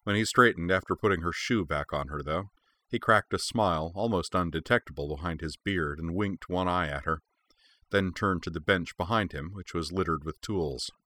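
A man narrating an audiobook in a steady, measured reading. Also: sits low, no echo.

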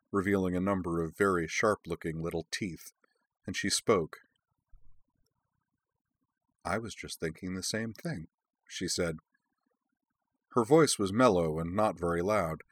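A man narrating an audiobook in a measured, even reading. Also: low-pitched, dry recording.

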